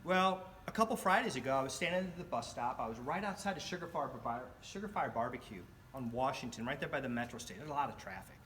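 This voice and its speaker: A middle-aged man telling a personal story in a club speech, animated and acting out the voices of the people in it. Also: medium pitch, fast, few pauses, slight background noise. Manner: animated, acts out quoted voices. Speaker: club speaker.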